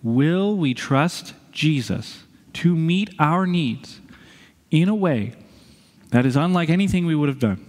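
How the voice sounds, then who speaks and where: Pastor preaching in a reverberant sanctuary. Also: male voice, a little high, expressive, takes it slowly, a little mellow. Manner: conversational, earnest preaching with light humor. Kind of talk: sermon with scripture reading. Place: church sanctuary.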